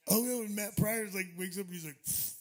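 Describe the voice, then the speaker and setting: A man's voice: high-pitched, brisk, faint music behind. A man in his forties, a touring musician, telling a rambling, profane story on a club stage into a stage mic, laughing often.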